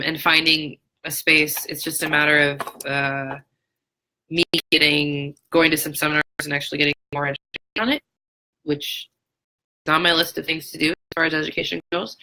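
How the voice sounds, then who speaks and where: Frank, chatty woman, low and bright. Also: low-quality recording. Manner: frank, chatty, many fillers and restarts. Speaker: dog trainer. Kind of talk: live Q&A chat. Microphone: phone or webcam on a live stream.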